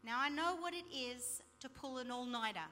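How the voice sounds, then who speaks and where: A middle-aged woman telling a personal story in a sermon, lively and full of quoted dialogue. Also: high-pitched, moderate pace, long reverb tail. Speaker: speaker sharing testimony. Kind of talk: sermon-style personal testimony.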